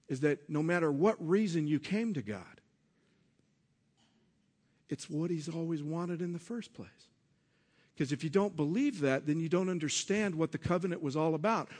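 A man preaching a sermon, asking the congregation questions and swinging between hushed, low passages and loud, emphatic ones. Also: animated, moderate pace. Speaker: pastor.

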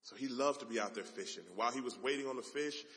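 Dramatic preacher telling a story, reverberant hall. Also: male voice, mid-range voice, fast. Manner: dramatic, swings from loud to hushed. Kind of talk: sermon storytelling.

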